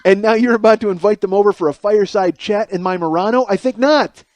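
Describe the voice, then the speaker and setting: Guy on his comedy podcast going off on a sarcastic rant, kinda high voice, swears a lot, dead dry sound. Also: fast talker, dry recording. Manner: sarcastic, exasperated, profane.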